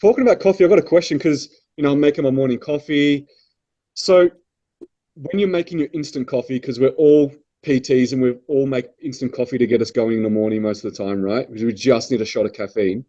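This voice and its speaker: A man's voice: mid-range voice, steady tone, fast talker, warm tone, lo-fi sound. A man, a personal trainer co-hosting a casual podcast chat. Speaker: podcast co-host.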